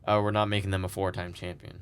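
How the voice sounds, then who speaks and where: A man's voice: deep voice, little pitch movement, fast talker, smooth. A man co-hosting a podcast, casually recapping events with lots of fillers and restarts. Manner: rambling, filler-heavy recapping with laughs. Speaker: podcast co-host.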